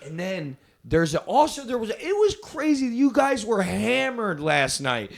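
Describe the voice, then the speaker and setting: A young man co-hosts a casual comedy podcast, telling a long, rambling story full of profanity. His voice sits a bit high with a gravelly, fried texture, and he keeps jumping into voices for the people he describes. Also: very animated, normal speed. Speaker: podcast co-host.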